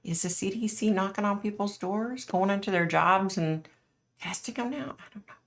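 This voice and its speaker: A woman's voice: mid-range voice, normal speed. A middle-aged woman, a psychic medium, hosting a casual live stream and chatting frankly with her viewers, full of "like" and "you know".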